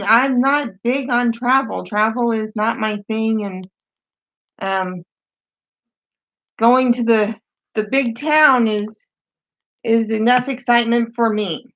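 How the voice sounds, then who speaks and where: A woman with a fairly high voice reads strange messages aloud, deadpan and wry, stopping for asides. The sound is dull and lo-fi. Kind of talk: comedic reading of dating-site messages.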